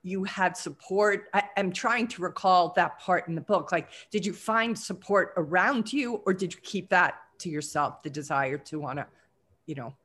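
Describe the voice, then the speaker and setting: Interview host, mid-pitched voice, halting long questions, repeated words. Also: a bit bright. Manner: hesitant, repeats words while forming questions.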